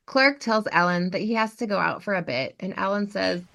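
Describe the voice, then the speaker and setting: Woman podcast host telling the episode plot, lively, mid-pitched. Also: a little fast, gravelly. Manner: animated storyteller. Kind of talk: recapping a TV episode.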